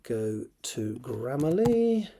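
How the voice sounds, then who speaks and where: A man's voice: mid-range voice, very animated, extremely slow, dark tone. A man, an author reading his draft aloud and editing it, correcting himself as he thinks aloud.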